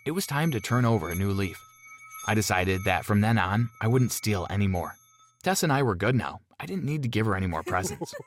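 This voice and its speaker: A man narrating a first-person story in a measured, plain storytelling manner. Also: lowish voice, big pitch swings. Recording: music bed underneath.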